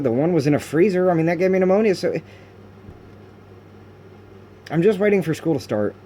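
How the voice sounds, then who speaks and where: Talking into his camera at home for a confessional diary, a man speaks in a mellow, dark, mid-range voice rather than a bright one. His delivery is halting and raw, thick with fillers and restarted sentences, with frustration occasionally erupting into cursing, and a faint hum underneath.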